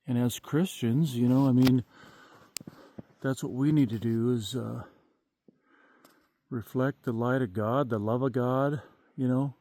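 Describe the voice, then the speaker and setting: Folksy fifty-something guy rambling on, lots of ums, warm low-key voice, out in the country at night. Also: fairly even intonation, a little slow, long pauses, a little hiss or hum. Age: 50s. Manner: rambling, folksy, many fillers. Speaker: vlogger. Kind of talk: rambling outdoor vlog.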